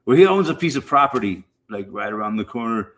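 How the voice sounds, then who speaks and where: A man's voice: medium pitch, expressive, quick pace, fairly bright tone. A middle-aged man chatting casually and rambling to his stream viewers, swearing freely and repeating himself. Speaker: livestream host.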